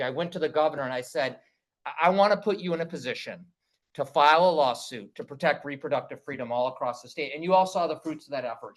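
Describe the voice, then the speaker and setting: A man's voice: fairly high pitch, a bit bright, low-quality recording. A middle-aged man from Michigan, a candidate giving a conversational campaign speech at a party meeting, often adding "right?" and restarting his phrases.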